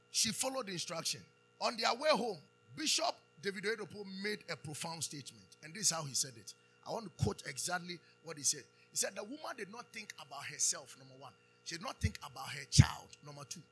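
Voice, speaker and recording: A man with a Ghanaian accent preaching a sermon, calling out questions for the congregation to answer and building to loud emphasis. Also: high voice, breathy edge. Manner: call-and-response preaching, loud rising emphasis. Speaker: pastor.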